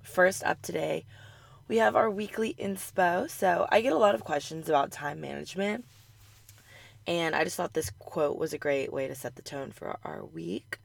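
A young woman hosting a weekly advice vlog, hoarse and raspy from a sore throat, upbeat and chatty, with frequent "like" and "um" fillers. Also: on the low side, moderate pace, no room sound. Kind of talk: casual advice talk.

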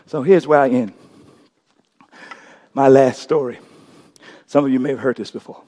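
A middle-aged male pastor preaching a sermon, swinging from quiet storytelling to shouted call-and-response. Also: medium pitch, steady tone, moderate pace, in a large hall.

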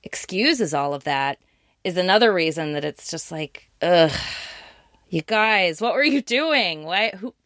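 A woman's voice: lowish voice, lively intonation, a little slow, fairly bright tone, no room sound, studio quality. A woman co-hosting a casual film review chat, talking bluntly with exasperated asides.

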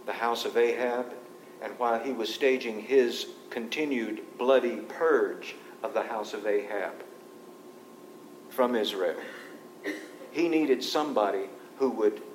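Man teaching scripture in an echoey room. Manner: conversational, reads scripture aloud and explains it. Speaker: Bible teacher. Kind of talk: Bible study teaching to a group. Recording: echoey room with faint low rumble.

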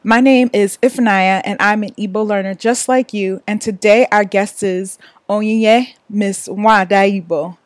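A woman hosting a language podcast, unhurried, asking questions as a fellow learner. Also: mid-range voice, steady tone, no echo. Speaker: podcast host. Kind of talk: podcast lesson chat.

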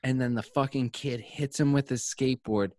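A man's voice: mid-range voice, fairly even intonation, normal speed, a little mellow, no room sound. Rambling, profane man telling a story. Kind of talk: casual chat.

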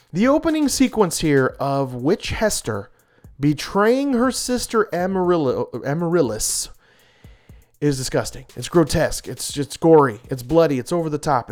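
A man reviewing comic books in an enthusiastic, casual way, gushing with frequent restarts and small laughs. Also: on the high side.

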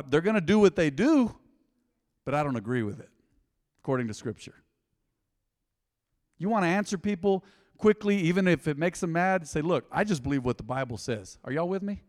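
Preaching at a normal speed with long pauses, this pastor has a high and very animated voice. His conversational sermon swings between loud outbursts and hushed near-whispers. The recording carries the lingering echo of a church hall.

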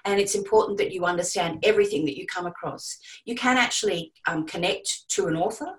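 Lively woman coaching audiobook narration. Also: on the low side, brisk, low-quality recording. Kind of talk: casual teaching talk to a group.

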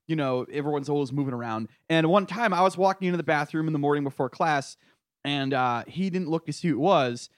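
A man's voice: a little high, fast talker, dry recording, clean studio sound. A man from rural New England hosting a podcast in casual comedic chat, joking and laughing often at his own expense. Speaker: podcast host.

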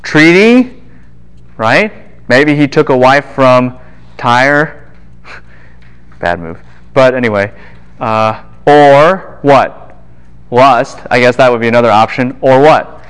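A man giving a Bible lecture to a class, animated and quick to fire questions at his students. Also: mid-range voice, smooth.

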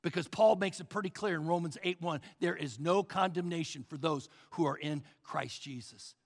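A man's voice: a little high, moderate pace, long reverb tail. A male pastor preaching a sermon with emphatic repetition, often addressing the crowd as folks.

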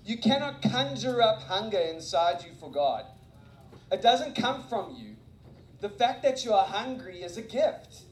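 A man preaching as a guest speaker and missionary, telling stories in an animated, self-mocking way. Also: high voice, a little slow, a little hiss or hum. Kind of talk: energetic sermon with storytelling. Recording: echoey room.

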